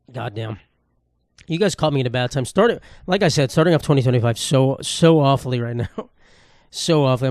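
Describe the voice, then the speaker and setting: A man's voice: a little high, darkish tone, no echo, clean studio sound. A young man from New York hosting a casual solo podcast in a rambling, sarcastic, profane way. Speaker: podcast host.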